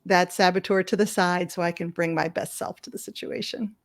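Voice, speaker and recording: A woman physician, a guest on an interview podcast, explaining things calmly and often checking in with "right?". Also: on the low side, a little fast, gravelly, no echo. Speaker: palliative medicine physician, guest. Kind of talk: conversational interview.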